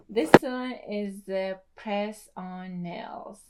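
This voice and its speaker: A young adult woman, a native Tetum speaker, chatting excitedly through an unboxing vlog with lots of gushing and laughs. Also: medium pitch, slow, hardly any pauses, a little hiss or hum. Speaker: beauty vlogger.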